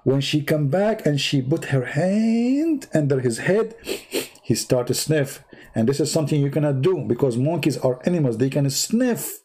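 A man's voice: normal speed, slightly rough. Man mocking a story in broken English. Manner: mocking, animated storytelling with big pitch swings; broken non-native English. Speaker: livestream host. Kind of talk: casual livestream commentary.

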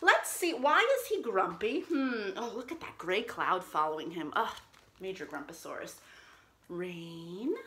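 A woman reading a picture book aloud at a children's storytime, animated and encouraging, with playful made-up words. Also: medium pitch, measured pace, hardly any pauses. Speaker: children's librarian. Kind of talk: storytime read-aloud for kids.

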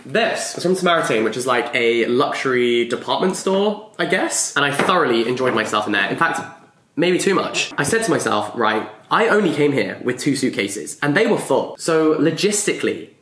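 A young man chatting casually to camera in his flat, full of self-mocking asides. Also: mid-range voice, moderate pace. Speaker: book vlogger. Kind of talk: casual vlog chat to camera. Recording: roomy indoor echo.

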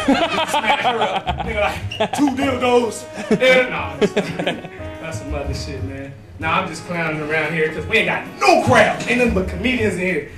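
A man's voice: high voice, roomy sound, far from the mic. A man doing a crude, rambling stand-up comedy set in a small, nearly empty club, laughing at his own jokes.

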